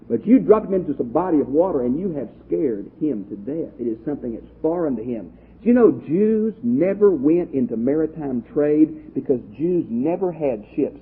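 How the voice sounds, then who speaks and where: Male pastor, Bible study class, husky, animated delivery, tinny lo-fi audio. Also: a little high. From Texas. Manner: lively, conversational, asks the class questions. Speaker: pastor teacher.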